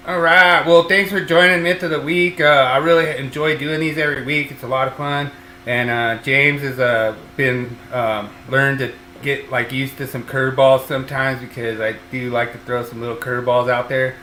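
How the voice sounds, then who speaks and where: A man's voice: mid-range voice, fairly even intonation, normal speed, pushed and bright, slight background noise. A man hosting a podcast as an electrician, talking casually and rambling with lots of fillers and restarts. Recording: roomy echo.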